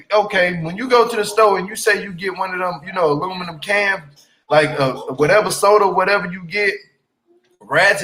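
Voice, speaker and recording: A man's voice: high-pitched, poor audio. A man giving casual reaction commentary on a reality show, blunt, profane and exasperated.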